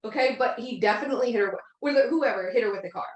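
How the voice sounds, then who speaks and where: A woman's voice: on the high side, fast talker. A woman in her thirties telling a long story in a casual, rambling way, full of filler words. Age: 30s. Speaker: podcast co-host. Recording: echoey room.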